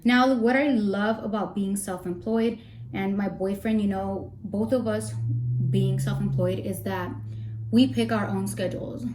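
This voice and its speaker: A woman's voice: medium pitch, unhurried, a little mellow, slight background noise. A young woman chatting casually while doing her makeup, a little out of breath, rambling with playful asides. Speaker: makeup vlogger. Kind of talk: casual get-ready-with-me chat.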